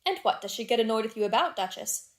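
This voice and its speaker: Woman reading as a charming young Victorian gentleman. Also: on the high side, expressive, quick pace, close to an everyday voice. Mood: light.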